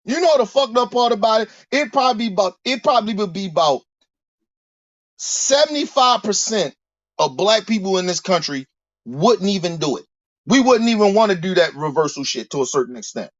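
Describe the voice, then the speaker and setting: A man's voice: high-pitched, very animated, normal speed, long pauses, a bit bright, dry recording, lo-fi sound. A man delivering a heated, profane monologue rant, preaching and repeating himself as he builds his points. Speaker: commentator.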